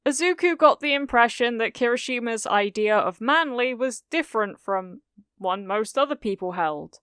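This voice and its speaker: A woman's voice: medium pitch, animated, moderate pace, a bit bright, clean tone, dry recording, clean studio sound. A woman reading a fan-written story aloud, giving each character a slightly different voice. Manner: reads each character in a lightly changed voice. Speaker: fanfiction reader.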